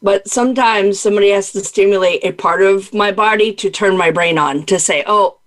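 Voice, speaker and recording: A woman's voice: medium pitch, moderate pace. Playful, chatty woman podcast host. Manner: chatty, laughs easily, playful asides. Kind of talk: casual podcast conversation.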